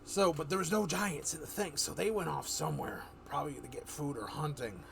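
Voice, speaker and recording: A man's voice: a little high, brisk, vocal fry, slight background noise. Rambling man telling an adventure tale. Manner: rambling, animated retelling with many fillers and restarts. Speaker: streamer telling a fantasy adventure story. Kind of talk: live-streamed casual storytelling.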